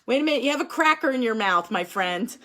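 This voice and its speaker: A woman with a high, bright-edged voice leads a friendly group session over a video call. She keeps things upbeat and encouraging, laughing easily as she calls on each person. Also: expressive, fast. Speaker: group facilitator. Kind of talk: leading a group discussion.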